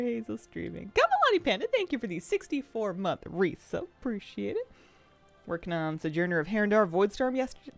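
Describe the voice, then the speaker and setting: A woman streaming a game from her home office, chatting casually and laughing often. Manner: chatty, laughs often, lively rising and falling pitch. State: out of breath.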